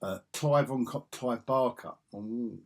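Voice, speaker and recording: A medium-pitched man speaks slowly, with slight background noise, as he rambles casually over old comic magazines. He's a comic collector vlogger chatting while he flips the pages.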